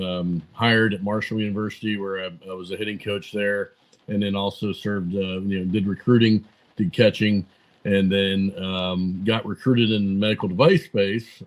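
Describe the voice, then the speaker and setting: A man in his forties with a low, fairly flat voice, talking as a podcast guest. He rambles through anecdotes, full of "uh" and "um", and acts out both sides of old conversations. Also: rough recording. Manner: rambling anecdotes full of fillers and quoted dialogue. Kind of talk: casual storytelling interview.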